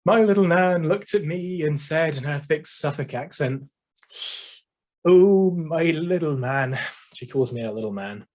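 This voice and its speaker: A man giving a competition speech over a video call, measured and oratorical with dramatic pauses. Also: fairly high pitch. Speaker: speech contestant.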